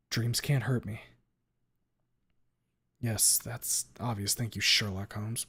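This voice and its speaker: A man's voice: mid-range voice, a little slow, pauses often, fairly bright tone, breathy edge. A man reading a visual novel aloud in the first person, dramatic, cursing freely and sometimes stumbling over words.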